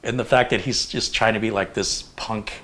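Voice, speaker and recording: A man in his fifties hosting a casual live chat, telling stories in an animated, rambling way with lots of fillers. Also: lowish voice, normal speed. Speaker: host.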